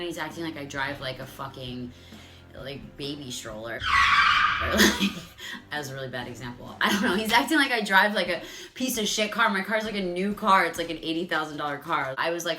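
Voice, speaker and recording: Low-voiced woman in her thirties, chatty vlogger. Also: lively intonation, a little fast, sharp tone, soft background music. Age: 30s. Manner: chatty, profane, full of "like". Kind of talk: casual storytelling to camera.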